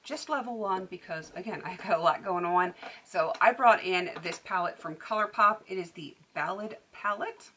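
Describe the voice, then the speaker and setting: Woman, beauty vlogger, casual chat, bright crisp voice, slightly low pitch, laughs often. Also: moderate pace, a little hiss or hum. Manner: chatty, with frequent laughs and "like" fillers.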